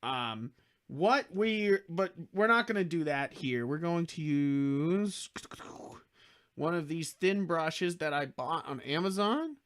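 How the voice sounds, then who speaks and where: A tired man hosts a casual livestream while building model kits, rambling and joking, swearing freely, and slipping into silly accents. His voice is a little high and a bit bright, animated but slow-paced.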